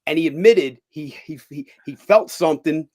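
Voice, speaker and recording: A man, a former boxer and cut man, telling animated stories as a guest in a casual interview and swearing freely. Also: on the high side, normal speed. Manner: animated storyteller who acts out other people's lines and swears freely.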